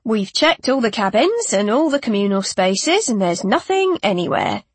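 A woman's voice: mid-range voice, very animated, moderate pace, breathy edge, no echo. Woman reading a matter-of-fact crewman. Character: man on a ship crew, matter-of-fact.

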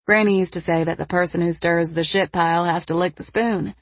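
A woman's voice: lowish voice, fairly even intonation, a little fast, no echo, natural voice. A woman reading a storybook, voicing a feisty, defensive young woman who speaks with a spirited manner.

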